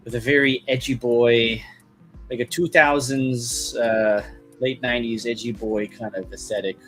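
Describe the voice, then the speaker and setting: A man's voice: medium pitch, fairly even intonation, measured pace, a bit bright, faint music behind. A man streaming as he draws, chatting casually in a loose, rambling way that is full of "like" and "kinda". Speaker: artist streaming while drawing.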